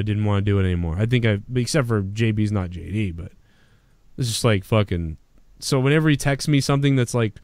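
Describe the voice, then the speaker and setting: A man's voice: on the low side, a little mellow, no room sound. A man co-hosting a podcast in casual, profane banter, rambling and laughing often. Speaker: podcast co-host.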